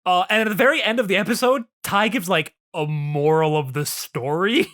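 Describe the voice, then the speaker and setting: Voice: mid-range voice, normal speed, a bit bright. A young adult co-host talking casually and rambling about an anime episode, with many fillers and restarts. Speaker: podcast co-host.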